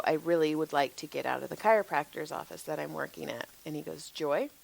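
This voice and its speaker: A woman, telling stories in a casual podcast chat, animated and laughing, often swearing and acting out what people said. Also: low voice, vocal fry. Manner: animated, laughing, swearing freely, acts out quotes. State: tired. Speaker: podcast co-host, massage therapist.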